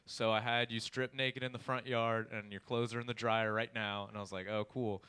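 A man's voice: fairly low pitch, a little fast, smooth. A young man telling a funny story to friends, laughing and acting out the people in it. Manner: laughing, animated, acts out quotes. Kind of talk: casual storytelling among friends.

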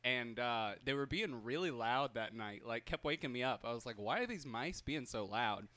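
Bright-voiced young man spinning a yarn. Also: mid-range voice, animated, normal speed, no room sound. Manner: chatty, quotes his dad and himself. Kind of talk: casual storytelling among friends.

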